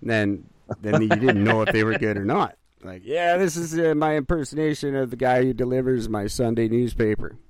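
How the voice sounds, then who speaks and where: A man's voice: mid-range voice, normal speed, few pauses, a little mellow, dry recording. A man co-hosting a casual podcast chat, rambling and self-mocking. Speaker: podcast co-host.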